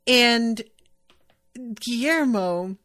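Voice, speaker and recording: A woman's voice: on the high side, lively intonation, extremely slow, a bit bright, clean tone, no room sound, clean studio sound. A woman hosting a podcast, recapping a TV episode in casual chat, rambling and correcting herself as she quotes scenes. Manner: chatty, rambling, self-correcting, quoting scenes. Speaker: podcast host.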